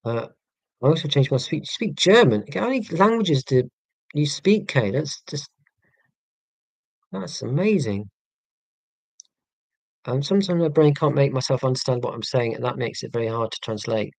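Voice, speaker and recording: A man's voice: medium pitch, animated, moderate pace, gravelly, long pauses, darkish tone, no echo. Dry, self-mocking English man chatting. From England. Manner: dry, self-mocking, rambling with many ums. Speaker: live-stream host. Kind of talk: casual live-stream chat.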